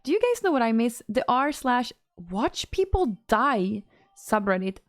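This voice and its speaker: A woman talks casually on a livestream, reacting to chat messages as they come in. Her voice sits a little high. The sound is close and dry, with almost no room. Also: sing-song, measured pace, no room sound. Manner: chatty, reacts to chat, reads messages aloud. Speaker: streamer reading chat.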